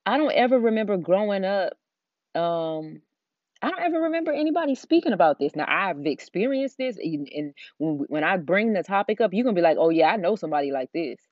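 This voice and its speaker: A woman's voice: mid-range voice, big pitch swings, a little fast, no echo. A middle-aged woman with a Southern American drawl, hosting a Christian life coaching podcast in a chatty, rambling way with lots of fillers. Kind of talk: casual solo podcast talk. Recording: dull, dry lo-fi recording.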